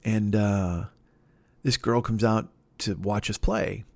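A man's voice: on the low side, fairly even intonation, takes it slowly, gravelly. A man in his fifties from the Chicago area, hosting a solo comedy podcast and ranting in a rambling, profane, self-mocking way. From Chicago area, USA. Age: 50s. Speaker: podcast host.

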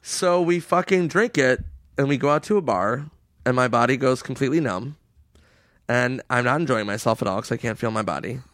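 A male comedian rattles off stories in relaxed podcast chat, jumping up into silly voices for the people he quotes. His mid-range voice sits close and dry on the mic, with laughs and swearing throughout. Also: medium pitch, brisk, no echo. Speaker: comedian guest. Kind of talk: casual storytelling chat.

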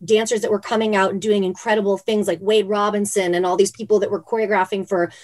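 A woman's voice: medium pitch, quick pace. A woman from Phoenix, a former dancer, telling stories as a guest in a casual interview, with lots of "like" and "you know". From Phoenix, Arizona. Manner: chatty, many "like" and "you know" fillers, animated retellings.

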